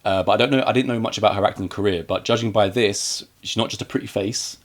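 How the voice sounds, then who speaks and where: A man's voice: fairly low pitch, fast talker. A man co-hosting a casual film review, chatty and joking, acting out scenes with quoted lines. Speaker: podcast co-host.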